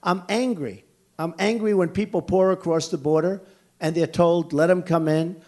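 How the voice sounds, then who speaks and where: At a rally Q&A in a large indoor hall, an older U.S. presidential candidate speaks with a steady, darkish tone at normal speed. His voice sits a little higher than most men's. He's blunt and emphatic, repeatedly circling back to the same phrases.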